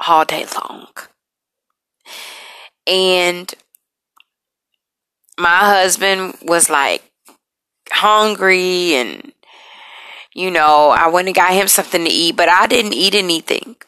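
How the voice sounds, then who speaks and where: A woman hosting a podcast, talking about personal struggles in an emotional, halting, apologetic way, and she is tired. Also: fairly low pitch, pushed and bright, clean tone, dry recording. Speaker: podcast host. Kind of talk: personal confessional talk.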